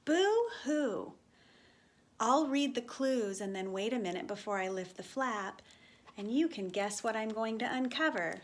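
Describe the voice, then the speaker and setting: A woman leading a storytime for young children, speaking gently and with exaggerated expression. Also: medium pitch, moderate pace.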